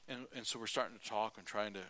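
A middle-aged man preaching with a bright, forceful voice pitched a little low. He tells folksy stories and acts out the people in them. He often stops to clear his throat. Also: steady tone, fast talker. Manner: folksy storytelling, acting out quotes. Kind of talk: sermon.

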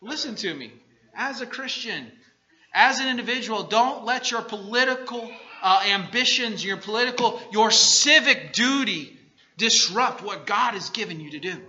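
A man preaching a sermon, swinging between quiet asides and loud shouted bursts. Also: high-pitched, expressive, unhurried. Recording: dull lo-fi recording.

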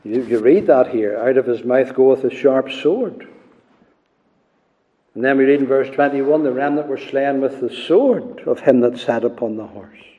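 A man's voice: medium pitch, a little slow, lo-fi sound. Man preaching in an echoey hall. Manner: preaching cadence with wide swings between hushed and loud delivery. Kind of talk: sermon. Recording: echoey hall with long reverb.

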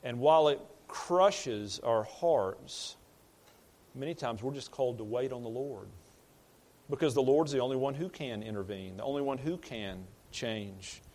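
This is a man at a medium pitch giving a conversational sermon as pastor. His delivery is plain-spoken, and he often repeats or restarts words as he builds toward a point. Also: measured pace, a little mellow.

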